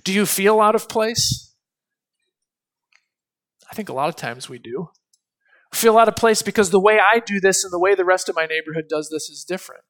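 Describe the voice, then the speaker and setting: A man preaching a sermon in an earnest, measured way, slowing down to stress key phrases. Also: high voice, a bit bright. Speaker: pastor.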